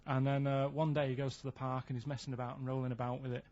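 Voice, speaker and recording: A man on a radio talk show, telling stories in a plain, rambling, deadpan way. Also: mid-range voice, fast. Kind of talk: casual radio chat, storytelling. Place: radio studio. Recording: dull lo-fi radio recording.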